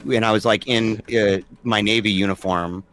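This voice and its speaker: A man's voice: lowish voice, steady tone, normal speed, a bit bright. A man in his forties, a podcast guest telling stories casually and acting out quoted dialogue with animation. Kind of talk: casual storytelling conversation.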